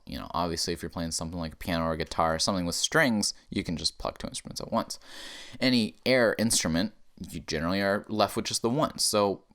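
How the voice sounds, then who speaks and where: A man hosting a comedy show, delivering a rambling, profane rant and often laughing at his own tangents. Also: sits low. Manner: animated, profane, laughing at himself. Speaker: comedy podcast host.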